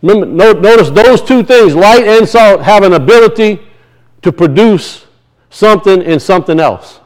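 A man's voice: high voice, animated, brisk, poor audio. A middle-aged man preaching a sermon, firing rhetorical questions at his congregation. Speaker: pastor.

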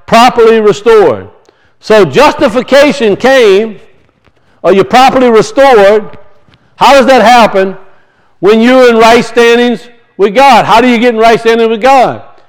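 A man's voice: high voice, poor audio. A man preaching a sermon, teaching from scripture and emphatically asking and answering his own questions.

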